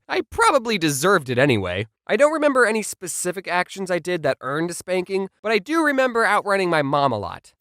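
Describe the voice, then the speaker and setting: A young man telling comedic childhood stories in a sarcastic, animated scripted style. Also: high voice, no echo, clean studio sound. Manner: sarcastic, animated, jumps between voices. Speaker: comedy YouTuber.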